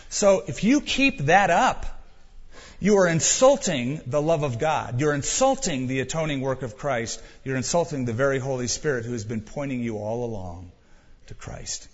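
A man's voice: medium pitch, animated, normal speed, breathy edge, in a large hall, highs cut off. A man pastor preaching a sermon in a church, urging his listeners directly and emphatically.

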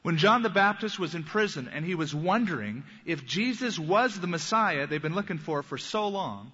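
A man delivers an earnest teaching sermon, his voice bright and forceful and sitting a little high. He slows down when he quotes scripture. The recording is muffled and lo-fi, with the long reverb of a large hall. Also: expressive, slightly rough. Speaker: pastor.

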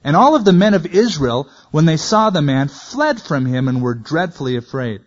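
A man's voice: on the high side, sing-song, normal speed. Man teaching the Bible, dull lo-fi sound. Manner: reads scripture then comments casually. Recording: dull lo-fi recording.

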